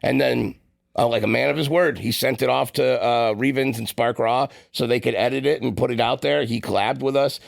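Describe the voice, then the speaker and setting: A man co-hosts a casual podcast, rattling off stories at a brisk clip. His voice has a gravelly, fried edge, and the sound is dry and close with no room around it. He rambles from one detail to the next. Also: medium pitch, steady tone, no echo. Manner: rapid rambling storyteller, acts out quotes. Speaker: podcast co-host. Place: on-site session at a roofing company.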